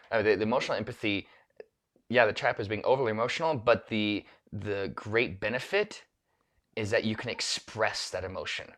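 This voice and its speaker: A man with a fairly low voice coaching keynote speakers in a loose solo talk to camera. He rambles, restarts his sentences and fills his pauses with ums and repeats. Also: a bit bright. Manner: rambling, self-correcting, with many restarts and filler words.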